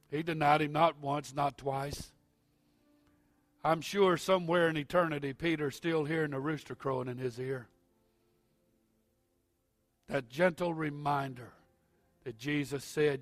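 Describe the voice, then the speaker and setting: Male preacher, fairly high voice, dry close sound with faint music under him; sermon delivery swinging from hushed asides to loud exhortation. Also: fairly even intonation, no room sound. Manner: builds from quiet, halting asides to loud, rising preaching. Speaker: pastor.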